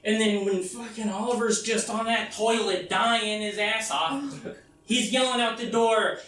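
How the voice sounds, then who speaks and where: A man's voice: sits high, fairly even intonation, normal speed, a crowd in the background. A man performing a solo comedy show, telling a rambling, incredulous story full of swearing. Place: festival theater stage. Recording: echoey room from far off.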